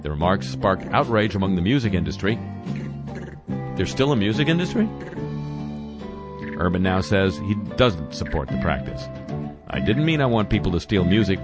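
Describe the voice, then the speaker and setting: Man, very low voice, deadpan satirical news host, wry asides, music playing underneath.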